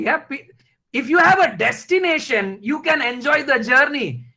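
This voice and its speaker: Bright-voiced, impassioned man. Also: very high voice, animated, rough recording. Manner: emotional, rhetorical, halting restarts. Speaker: invited speaker. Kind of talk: impassioned motivational talk.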